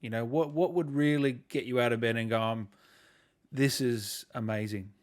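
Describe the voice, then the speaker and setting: A man's voice: mid-range voice, normal speed. Upbeat chummy podcast host, a man. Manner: upbeat, laughs easily, chummy banter. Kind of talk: casual interview chat.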